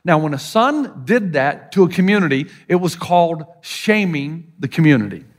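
Speaking a little high and at a moderate pace, a middle-aged pastor from the Southern United States delivers a sermon. He brings his stories to life by acting out the people he quotes.

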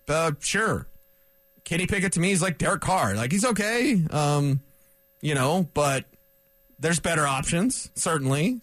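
Animated, blunt sports radio man. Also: sits high, no echo. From rural area. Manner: blunt, animated, mocking impressions. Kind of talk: solo sports talk rant.

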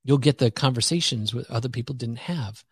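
A man's voice: mid-range voice, a little fast, husky, no room sound. A man talking as a podcast guest, preacher-like and emphatic, repeating phrases for rhythm as he builds a motivational faith message.

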